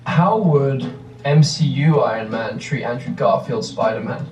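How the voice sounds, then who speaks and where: A man's voice: medium pitch, a little slow, a little mellow, reverberant, far from the mic, highs cut off, soft background music. A man in his thirties with an English accent, answering questions in a rambling, reflective way with many restarts. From England. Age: 30s. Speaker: actor answering fan questions. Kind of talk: casual interview answers.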